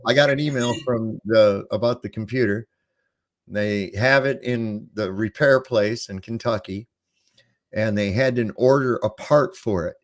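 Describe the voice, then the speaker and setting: A man's voice: lowish voice, measured pace. A man hosting a casual podcast, rambling through stories with plenty of swearing. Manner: rambling, profane, storytelling. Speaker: podcast host.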